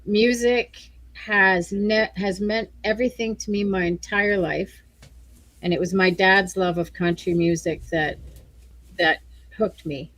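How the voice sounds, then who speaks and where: A tearful woman guest speaks in a rambling way, with laughter breaking through. Her voice sits at a middle pitch. It sounds dry and close, with no room around it. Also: steady tone, measured pace, fairly bright tone, dry recording. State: crying. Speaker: featured guest singer. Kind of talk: emotional interview chat.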